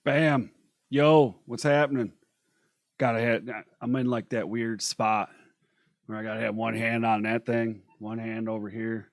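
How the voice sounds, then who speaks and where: A man hosting a live show in casual chat, energetic and talkative, greeting viewers by name while feeling a bit unwell. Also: fairly low pitch, unhurried, no room sound, clean studio sound. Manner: energetic, chatty, shouting out viewers. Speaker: host.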